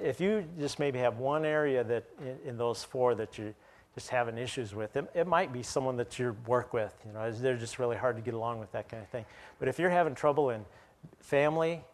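A man preaching a sermon in a relaxed way, with joking asides. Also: mid-range voice. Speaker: pastor.

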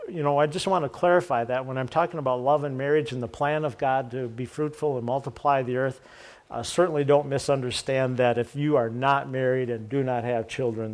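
A male pastor preaching from the pulpit. He reads scripture aloud, then explains it in a relaxed, chatty way with light jokes for the congregation. His voice sits at a middle pitch for a man. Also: brisk. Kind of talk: sermon.

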